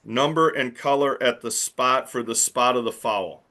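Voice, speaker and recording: A man's voice: mid-range voice, normal speed, bright, forceful tone. A man teaching new basketball officials in a plain-spoken, emphatic way, acting out the calls he makes on court. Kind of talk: instructional talk to new officials.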